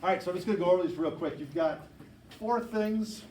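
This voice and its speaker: A man teaches a biology class, talking quickly and casually as he walks through the handouts. He is heard from a distance, and the classroom around him is roomy and echoing. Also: sits high, dark tone, slight background noise. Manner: quick, informal, self-correcting. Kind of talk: classroom instruction. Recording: echoey classroom, far from mic.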